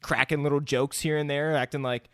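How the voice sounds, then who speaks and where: A man's voice: a little high, little pitch movement, a little fast, fairly bright tone, clear, resonant tone, no room sound, studio quality. A man co-hosting a podcast, chatting casually about a movie, laughing often and swearing. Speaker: podcast co-host. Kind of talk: casual movie recap chat.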